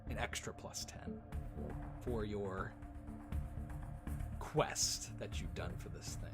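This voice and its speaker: A man running a tabletop game as dungeon master, narrating haltingly with many fillers. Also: lowish voice. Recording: music playing behind.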